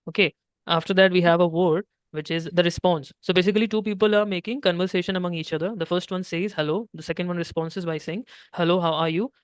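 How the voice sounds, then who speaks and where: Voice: medium pitch, fairly even intonation, fast talker, clean tone, no room sound, studio quality. A French teacher giving a one-on-one beginner lesson, explaining patiently step by step and checking in often.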